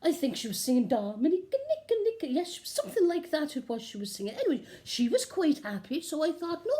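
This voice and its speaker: A woman's voice: sits high, very animated, quick pace, dark tone. A woman playing a cheeky, gossiping nun in a chatty, improvised comic monologue, giggling often. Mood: giddy gossip.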